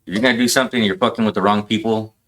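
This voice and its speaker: A man in a casual podcast chat, telling a story in rough, profane language. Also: fairly low pitch, fairly even intonation, racing, fairly bright tone.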